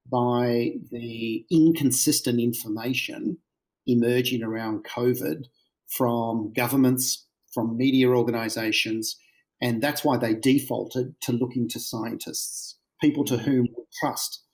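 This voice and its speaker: Male guest, futurist, measured and explanatory, hesitant fillers. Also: medium pitch, a little mellow, poor audio. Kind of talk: interview answer.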